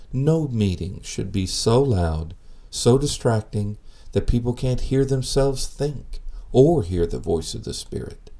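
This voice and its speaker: A man preaching a sermon in an earnest, measured way, asking rhetorical questions. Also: on the low side, vocal fry, mellow.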